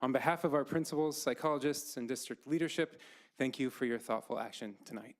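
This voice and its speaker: A man, an elementary school principal, reading a measured, formal statement to a school board. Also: mid-range voice. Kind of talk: prepared statement read aloud. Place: school board meeting room.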